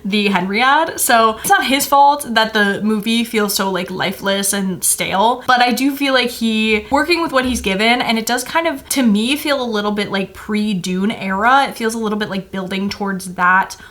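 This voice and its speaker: A woman's voice: fairly high pitch, moderate pace, hardly any pauses, a bit bright. A woman chatting casually as she reviews films, full of "like" fillers and frequent laughs. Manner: chatty, many "like" fillers, laughs between phrases. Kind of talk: casual film review chat.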